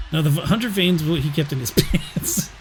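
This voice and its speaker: A man's voice: on the high side, a little hiss or hum, low-quality recording. A young man doing casual gaming commentary, joking around with crude banter.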